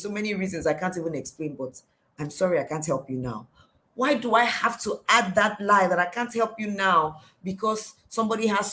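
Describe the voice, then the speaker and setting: A woman's voice: mid-range voice, fairly bright tone, low-quality recording. A middle-aged woman with a Nigerian accent, giving a devotional coaching talk, asking question after question in an emphatic way. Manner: questioning, emphatic, repeats "why". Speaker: life coach.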